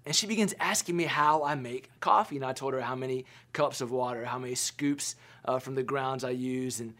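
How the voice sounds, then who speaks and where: A man in his thirties preaching a sermon as pastor, telling stories conversationally with stammered restarts and quiet, softened key lines. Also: on the high side. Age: 30s.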